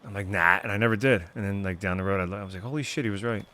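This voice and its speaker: A man streaming a video game, giving excitable commentary full of swearing and jokes. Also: fairly low pitch, rapid-fire. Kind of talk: gameplay commentary. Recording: voice over game music.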